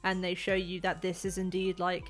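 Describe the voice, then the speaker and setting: A woman's voice: fairly low pitch, monotone, moderate pace, faint music behind. A woman narrating a tabletop game as game master, describing scenes in a loose way full of "like"s.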